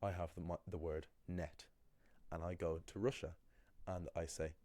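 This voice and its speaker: A man teaching pronunciation in a casual video lesson, talking in an animated way and acting out the voices he quotes. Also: low-pitched, normal speed, no echo. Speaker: language teacher.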